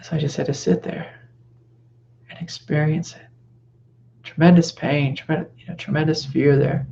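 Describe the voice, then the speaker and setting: A middle-aged man giving a spiritual teaching talk in a gentle, reflective way, sometimes dropping into soft reassuring whispers. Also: a little high, level tone, normal speed, creaky, dull audio, a little hiss or hum.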